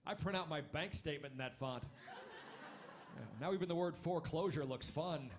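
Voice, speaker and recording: A man in his thirties doing a stand-up comedy set on a club stage, wry and punchy, with quick asides to the crowd. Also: a little high, a little hiss or hum.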